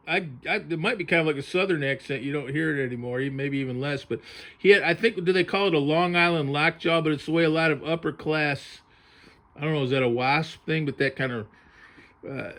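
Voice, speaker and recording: A man's voice: a little high, a bit bright. Chatty man musing over a book. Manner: chatty, musing aloud, drifting between thoughts. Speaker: vintage TV book reviewer. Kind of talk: casual commentary while paging through a book.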